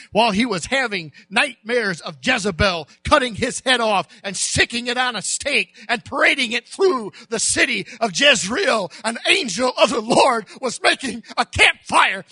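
Impassioned high-voiced male preacher. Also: breathy edge, dry recording. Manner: impassioned, shouting and crying out. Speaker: pastor. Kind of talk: sermon.

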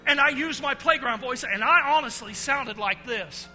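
A very high, very bright male voice leads a children's church service. He tells animated stories and swings from a hush to a shout. His words ring with long reverb from a church hall over faint music. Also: normal speed. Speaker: children's pastor. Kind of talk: lively children's sermon with call-and-response.

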